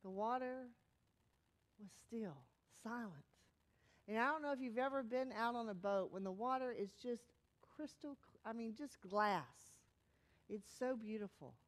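A woman pastor with a high, light voice preaches a sermon. She talks in a loose, conversational way, growing animated and then dropping to a hushed, soft delivery. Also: measured pace.

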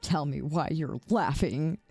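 Tired woman streamer, slow and low. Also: expressive, vocal fry, warm tone, husky, soft background music. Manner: chatty, exasperated, quick to laugh. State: tired from staying up. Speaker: game streamer. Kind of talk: casual live-stream chat while gaming. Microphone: close desk mic.

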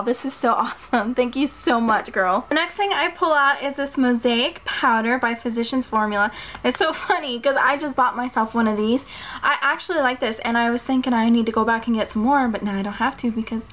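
A beauty vlogger with a slightly high, fairly bright voice chats casually while unboxing a package of makeup in a haul video. She gushes over it and sounds a little out of breath.

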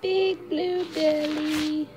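A woman's voice: high voice, steady tone, extremely slow. A woman at home talking baby talk to her pet monkey, cooing and sing-song.

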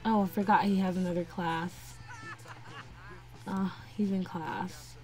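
A young woman talks slowly through her gameplay, bossing her characters around in a relaxed, mellow voice. Faint game music plays under her casual commentary. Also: fairly low pitch. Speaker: gameplay narrator. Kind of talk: casual let's-play commentary.

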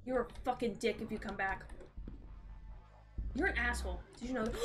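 A young woman streamer plays a horror game live, jumpy and foul-mouthed as she yells back at the threat. Her voice sits on the high side, and quiet game music runs underneath. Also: brisk, long pauses. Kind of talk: live gameplay commentary. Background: faint game music.

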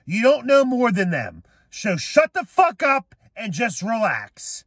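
A young man ranting angrily as a sports fan, swearing and shouting at critics. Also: very high voice, huge pitch swings, takes it slowly, few pauses, dry recording. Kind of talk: profane rant to camera.

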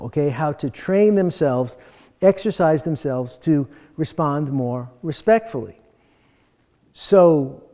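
Man, earnest workshop teacher, higher-pitched voice, long hall reverb. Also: warm tone. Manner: earnest, emphatic teaching with scripture references. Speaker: workshop speaker. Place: conference hall.

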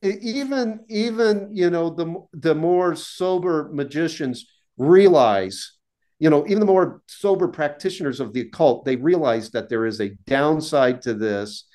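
A male author being interviewed, with a somewhat high voice. He speaks casually and haltingly, repeating words and restarting his sentences often. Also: a little mellow. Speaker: author, podcast guest.

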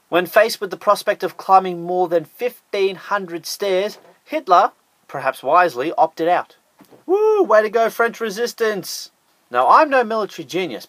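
A man's voice: high voice, a bit bright, dry recording. An Australian man narrating a scripted top-ten list with sarcastic, jokey asides.

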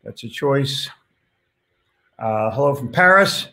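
A man's voice: mid-range voice, expressive, unhurried, pauses often, sharp tone. A man hosting a casual live stream, reading viewer comments aloud and reacting to them in a blunt, chatty way with casual swearing.

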